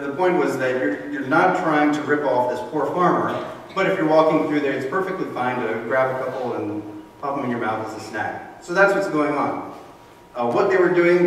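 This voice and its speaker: A man preaching in a church, talking to the congregation in an easy, conversational tone. His voice comes from some distance in a big, echoing hall, and a faint hiss sits under it. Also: mid-range voice. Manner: conversational, explanatory, acts out quoted voices. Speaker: pastor. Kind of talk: sermon. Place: church sanctuary. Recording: roomy echo from a distant mic with faint noise.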